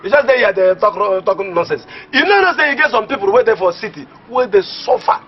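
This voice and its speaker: A teasing village friend. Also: male voice, sits high, fast, faint music behind. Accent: Nigerian. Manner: lively, teasing, repeats catchphrases. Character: skeptical village friend, teasing, gives advice. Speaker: actor in a comedy film. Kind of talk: Pidgin comedy film acting. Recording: dull lo-fi film audio.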